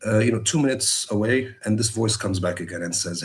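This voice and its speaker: Halting, earnest man on a video call. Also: lowish voice. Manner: earnest, halting, many restarts. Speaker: guest. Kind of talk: personal testimony.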